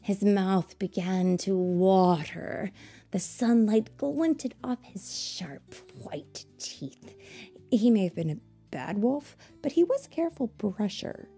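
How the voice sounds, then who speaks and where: A woman reading a picture book aloud to children, pausing to ask them questions and explain things. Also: mid-range voice, animated, breathy edge, soft background music. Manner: asks listeners questions, warm explanatory asides.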